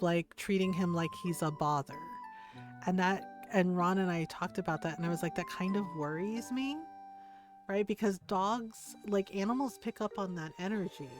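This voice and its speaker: A woman streamer telling a rambling neighbor story while she games, tagging her sentences with "right?" and acting out the people in it. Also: on the low side. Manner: animated, acts out other people's lines. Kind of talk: casual storytelling while gaming.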